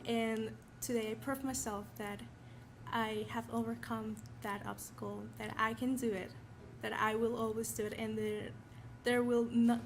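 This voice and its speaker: A woman's voice: on the high side, flat delivery, unhurried, creaky, a little hiss or hum. Nervous teen girl with Mexican accent. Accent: Mexican Spanish. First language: Spanish. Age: teens. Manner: nervous, apologetic, earnest. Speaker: honored student. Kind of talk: award acceptance speech.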